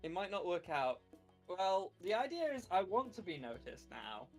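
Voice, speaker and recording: A man playing a tabletop game, chatting casually and excitably. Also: high voice, moderate pace, over music. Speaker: player.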